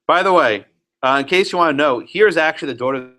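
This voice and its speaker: Animated man lecturing a class. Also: fairly high pitch, fast talker. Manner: animated and sarcastic, asks students questions. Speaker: law professor.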